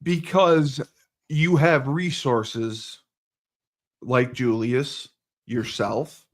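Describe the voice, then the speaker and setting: A man's voice: mid-range voice, fairly even intonation, drawn-out words. A man, a football coach hosting a casual podcast chat, talking in a rambling, teasing way with many fillers.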